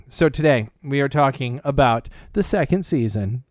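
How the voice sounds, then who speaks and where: A man's voice: animated, unhurried, a little mellow, dry recording. Joking man podcast host, dry close mic. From Washington, DC area. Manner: jokey, slips into high silly voices for impressions. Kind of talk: casual podcast banter.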